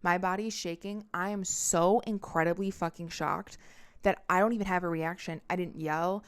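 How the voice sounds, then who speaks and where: A young adult woman with a lowish, smooth and clear voice, recounting a personal storytime as a podcast host. She talks in a candid, intense way and swears freely. The story comes out as one unscripted spoken monologue. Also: fairly even intonation, normal speed.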